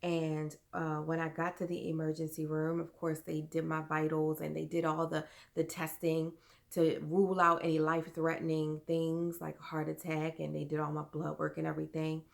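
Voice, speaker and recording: A young adult woman vlogger earnestly telling a personal story, halting and full of fillers. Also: sits low, monotone, creaky.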